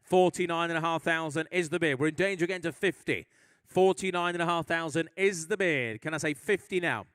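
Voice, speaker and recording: A man from England runs a live auction, calling bids with brisk rhythm and teasing asides. His voice is higher than most men's, smooth and clear, and it sits close and dry with almost no room sound. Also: fairly bright tone, dry recording. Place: auction hall at a live sale.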